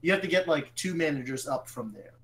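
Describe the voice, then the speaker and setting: A man's voice: fairly high pitch, animated, a little fast, fairly bright tone, poor audio. A young man co-hosting a podcast, telling long profane stories in casual chat. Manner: profane rambling storyteller. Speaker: podcast co-host.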